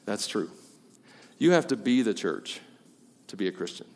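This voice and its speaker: A man's voice: lowish voice, very animated, moderate pace. Emphatic preacher man in a reverberant hall. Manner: emphatic, jokey asides, swings between loud and quiet. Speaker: pastor. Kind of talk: sermon. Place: church hall.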